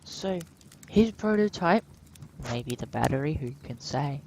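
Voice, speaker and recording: Woman, let's play commentator; deep, unhurried, playful musing. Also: animated, darkish tone. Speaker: gamer.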